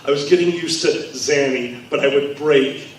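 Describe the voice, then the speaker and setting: A man hosting a live panel, telling stories in an animated way and shouting out the quotes he acts. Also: a little high, moderate pace, a little hiss or hum. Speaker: podcast host. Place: large convention room. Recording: echoey convention hall, mic far off.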